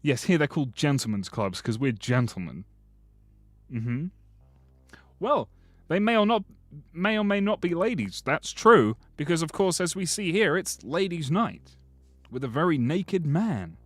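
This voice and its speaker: On a dry recording, a man with a higher-than-average voice speaks a little slowly. He chats casually and jokes with his live-stream chat in a lively way while going through game screenshots.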